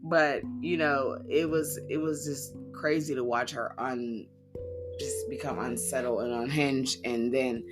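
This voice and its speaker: A woman's voice: extremely low pitch, steady tone, unhurried, music in the background. Rambling woman horror podcast co-host. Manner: rambling, laughs easily, mimics characters. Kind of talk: casual movie review chat.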